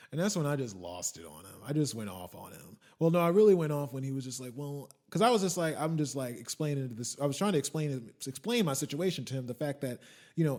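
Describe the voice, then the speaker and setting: A man hosting a podcast, telling a story as a profane rant that swings from muttering asides to shouting. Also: medium pitch, animated, fairly quick. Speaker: podcast host. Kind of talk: ranting monologue.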